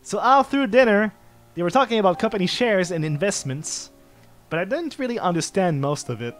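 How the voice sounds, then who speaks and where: Bubbly young cat lady as a man puts her on, raised voice, lively, faint music behind. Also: high-pitched, fairly quick, voice pushed up. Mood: chatty. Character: young well-bred cat lady, cheerful and naive.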